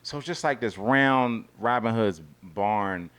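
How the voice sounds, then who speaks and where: A man co-hosting a casual TV review chat, talking loosely with restarts and drifting into a quiet murmur. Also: takes it slowly, clean tone. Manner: conversational, restarts and trails off in a low murmur. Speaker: co-host of a reality TV review show.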